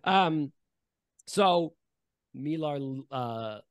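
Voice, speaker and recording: A man runs a tabletop game as its dungeon master, narrating in a loose, halting way full of fillers. His voice sits a little high for a man. The recording is dry and close. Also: animated, no echo.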